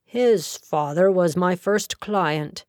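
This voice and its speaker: A woman's voice: on the low side, slow, darkish tone, no room sound, clean studio sound. A woman voicing a grey-bearded senior male solicitor, loyal and curt, in an audiobook. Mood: reminiscing. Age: older. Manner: curt, earnest.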